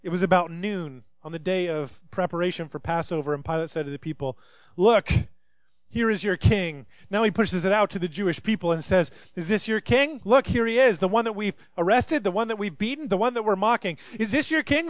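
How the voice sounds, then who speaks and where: A man's voice: sits high, a little fast, few pauses, dry recording. A man preaching a sermon, reading scripture aloud and acting out the people in it. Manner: reads scripture aloud and voices quoted speakers dramatically. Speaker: pastor.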